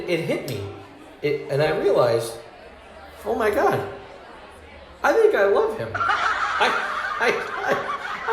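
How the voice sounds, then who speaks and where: A stand-up comedian with a mid-range voice tells stories from work, laughing at his own jokes and acting out other people's lines in raised voices. The sound is roomy, with slight background noise.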